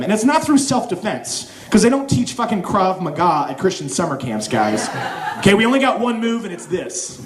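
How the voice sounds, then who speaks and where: Young male comic from Oklahoma, high voice, lively, mock voices between bits, crowd laughing in an echoey club. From Oklahoma, USA. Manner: animated, swings into mock accents and silly voices. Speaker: stand-up comedian. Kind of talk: stand-up comedy set. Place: comedy club stage with live audience. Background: audience laughing.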